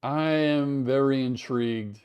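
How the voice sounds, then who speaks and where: A man's voice: medium pitch, measured pace, a little mellow, clear, resonant tone. A man hosting a casual live watch-along stream, chatting with viewers, reading out their messages and reacting with surprise. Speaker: livestream host.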